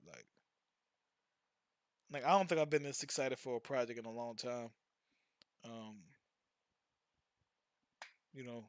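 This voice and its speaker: A man's voice: medium pitch, measured pace, long pauses, no echo. A man who streams and makes music, chatting loosely with his viewers in slang, swearing freely and repeating himself. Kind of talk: casual live-stream chat.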